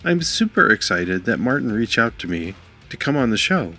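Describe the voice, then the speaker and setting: A man's voice: on the low side, big pitch swings, moderate pace, bright, forceful tone. A man hosting a podcast and interviewing a guest, sounding upbeat and eager. His voice rises and falls a lot as he talks, and faint music plays behind him at the start. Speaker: podcast host.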